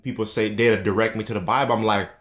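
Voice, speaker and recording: A man's voice: on the low side, steady tone, quick pace, a bit bright. Man ranting with profane scorn. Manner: profane, scornful, heated rant. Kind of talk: casual monologue.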